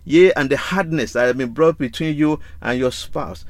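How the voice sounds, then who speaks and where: A man's voice: medium pitch, moderate pace, no echo. A man preaching a sermon, reading scripture aloud and pressing his listeners with repeated rhetorical questions. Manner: emphatic, rhetorical questions and repetition.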